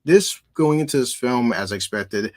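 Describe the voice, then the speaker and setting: A man with a mid-range, somewhat dark voice hosts a casual movie review podcast at a moderate pace. He sounds animated but rambles, restarting sentences often and filling gaps with fillers.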